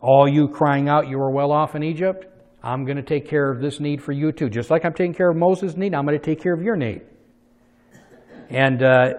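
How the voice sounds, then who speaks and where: A man preaching a sermon, swinging from soft asides to loud, emphatic peaks as he retells a story. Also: mid-range voice, big-room sound. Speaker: pastor.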